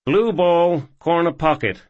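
A man voicing a boastful young cowboy playing pool, much higher than his own voice. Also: slow pace, no echo, highs cut off. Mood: cocky. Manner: boastful, grinning. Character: cocky young male cowboy pool player.

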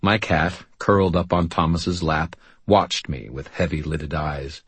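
Man, audiobook narration, very low voice, husky, steady and understated. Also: a little slow, dry recording. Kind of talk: first-person audiobook narration.

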